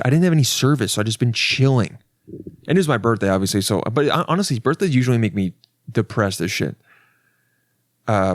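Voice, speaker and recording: Rambling, self-mocking young podcast host. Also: male voice, lowish voice, no echo, clean studio sound. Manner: rambling, profane, self-mocking, with many restarts. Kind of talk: casual storytelling monologue.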